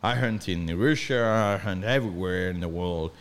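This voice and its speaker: A French-accented man with a fairly low voice, speaking earnestly in non-native English. He stops, restarts and searches for words as he tells his story in a casual chat. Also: normal speed, clean tone. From northern France. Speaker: guest.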